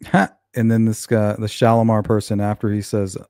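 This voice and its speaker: A man's voice: fairly low pitch, little pitch movement, normal speed, darkish tone, smooth, no echo, clean studio sound. A man hosting a casual true-crime livestream, reading comments out and answering viewers in a blunt, sarcastic way. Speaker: true-crime channel host.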